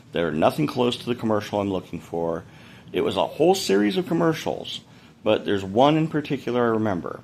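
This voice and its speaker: A man's voice: fairly low pitch, a little hiss or hum. A man in his fifties talking casually to his followers in a rambling, self-deprecating way. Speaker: content creator. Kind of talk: casual direct-to-camera vlog.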